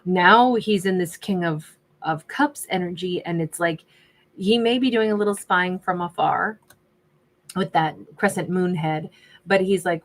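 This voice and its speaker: A woman's voice: lowish voice, measured pace. A woman doing a casual tarot reading, chatty and sassy, laughing often and reading out viewer names. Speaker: tarot reader.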